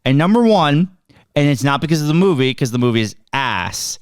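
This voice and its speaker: A man's voice: on the high side, big pitch swings, brisk, clear, resonant tone, no echo, clean studio sound. A man co-hosting a movie review podcast in casual chat, who often repeats words as he gets going. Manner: repeats words as he starts sentences. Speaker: podcast co-host.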